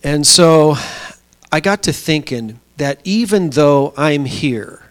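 Male pastor, mid-pitched voice, chatty storytelling sermon delivery. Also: creaky. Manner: storytelling, conversational with pauses and fillers. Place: small church.

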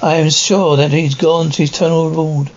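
Brief: a gentle, consoling aunt, read by a man, slightly higher tone; dull recording with a faint hiss. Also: steady tone, moderate pace, close to an everyday voice. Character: sympathetic middle-aged aunt visiting the bereaved.

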